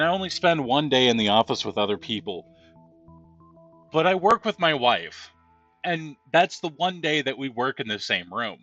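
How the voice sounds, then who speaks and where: Bright-voiced chatty man, gameplay commentary. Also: mid-range voice, dry recording, dull audio. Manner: rambling, chatty storytelling with laughs. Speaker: gameplay streamer.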